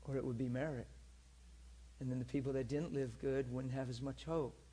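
A man preaching a sermon, telling healing stories in a lively, teasing way and laughing often, moving from quiet asides to loud peaks. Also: medium pitch, moderate pace, breathy edge. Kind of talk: sermon storytelling about healings.

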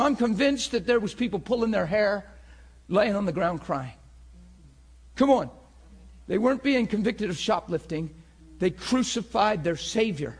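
A man preaching a sermon with passion, moving between loud bursts and hushed, intense talk. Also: sits high, animated, moderate pace, breathy edge.

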